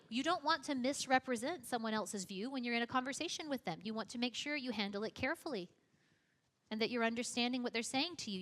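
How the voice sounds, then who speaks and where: A young woman teaching a class in a relaxed, chatty way, her voice bright and a touch high for a woman. She drops casual, self-deprecating asides as she explains. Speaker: youth apologetics teacher. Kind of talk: conversational teaching talk.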